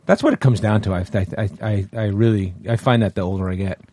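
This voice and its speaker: A man co-hosting a podcast, chatting in a relaxed way and calling people bro. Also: lowish voice, fast, dry recording. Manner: laid-back, says bro and man. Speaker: podcast co-host. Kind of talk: casual podcast chat.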